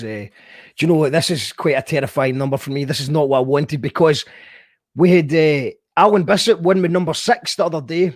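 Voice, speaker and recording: High-voiced man, chatty host. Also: dry recording, studio quality. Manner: rambling, jokey, thinks aloud. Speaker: podcast host. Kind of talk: casual chat.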